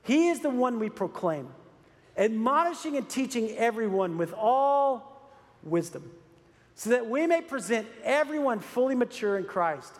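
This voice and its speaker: A man's voice: very high voice, very animated, measured pace. A man preaching a sermon as pastor, earnest and urging, repeating phrases for emphasis. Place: church sanctuary. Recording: long reverb of a large hall.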